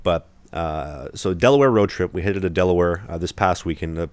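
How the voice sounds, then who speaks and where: A young man with a very low voice rattles through a podcast story at a quick clip, doubling back with fillers and restarts. He sounds close to the mic, with a dry, dead room around him. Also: clean tone, no echo. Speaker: podcast host, hockey goalie. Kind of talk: casual podcast chat.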